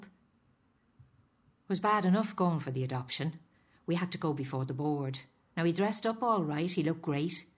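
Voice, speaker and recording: A woman's voice: lowish voice, natural voice. A middle-aged woman with an Irish accent narrating in first person as a resigned, weary foster mother.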